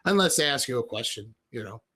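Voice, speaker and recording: A man's voice: medium pitch, animated, quick pace, pushed and bright, husky. A man hosting a casual livestream from home, speaking in an affected British-sounding accent that comes and goes as he rambles and answers viewers' chat messages. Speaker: livestream host.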